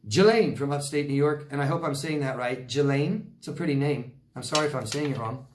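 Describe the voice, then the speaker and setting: A man's voice: medium pitch, brisk, roomy sound, slight background noise. A man giving blunt relationship advice as a coach, answering viewer questions and acting out quoted people. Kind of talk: Q&A advice talk.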